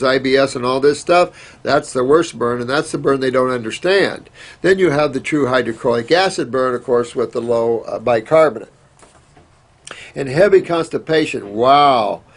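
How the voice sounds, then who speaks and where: A man hosting a question-and-answer show, giving casual, rambling advice with many fillers and restarts. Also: mid-range voice.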